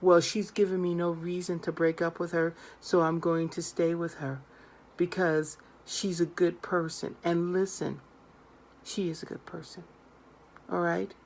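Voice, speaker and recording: A woman's voice: fairly low pitch, level tone, a little slow, a little mellow, a little hiss or hum. A woman tarot reader giving earnest, emphatic advice straight to her viewers. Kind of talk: direct-to-camera advice monologue.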